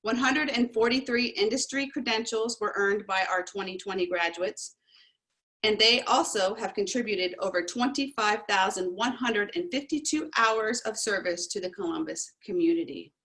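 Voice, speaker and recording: A woman principal reads out a formal graduation address and steps through numbers in a measured, even way. Her voice sits at a middle pitch. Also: low-quality recording. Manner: measured, formal reading of figures. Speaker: high school principal.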